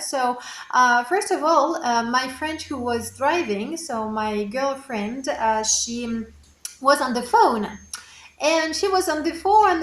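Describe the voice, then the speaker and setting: A young woman from France with a French accent, telling a story in a chatty, expressive way with frequent fillers. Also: high-pitched. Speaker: French teacher. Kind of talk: casual storytelling. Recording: echoey room.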